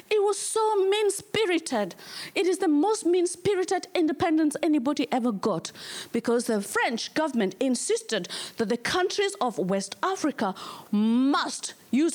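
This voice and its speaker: A woman from Kenya with a Kenyan accent, doing live stand-up comedy in an emphatic way, repeating her lines for effect. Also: high voice.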